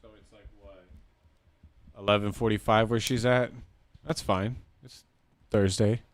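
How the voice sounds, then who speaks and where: A man co-hosting a podcast, chatting casually and making teasing, deadpan asides. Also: lowish voice, unhurried, no room sound. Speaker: podcast co-host. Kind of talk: casual chat.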